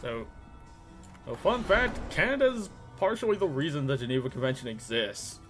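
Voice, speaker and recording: A man's voice: medium pitch, lively intonation, normal speed, music in the background. Wry man chatting during a game. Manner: wry, conversational. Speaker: co-player. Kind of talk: casual gaming chat.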